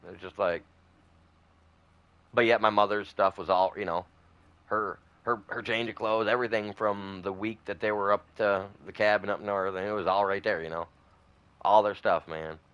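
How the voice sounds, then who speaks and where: Deep-voiced rambling gamer guy. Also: fairly even intonation, normal speed, clear, resonant tone, no echo, muffled recording. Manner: rambling storyteller, many fillers and restarts. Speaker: gaming streamer. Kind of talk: casual gameplay chat.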